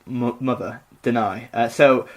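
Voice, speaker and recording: A man's voice: medium pitch, steady tone, measured pace. A man co-hosting a podcast, retelling a myth in a rambling, jokey way with lots of fillers. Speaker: podcast co-host. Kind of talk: casual comedic myth retelling.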